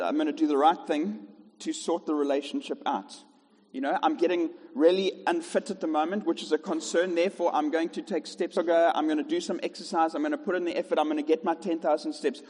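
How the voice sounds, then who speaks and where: A man's voice: a little high, a little mellow, breathy edge, big-room sound. A man preaching a sermon in a rhythmic style, with repeated contrasts and jokey asides. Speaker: pastor. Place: church.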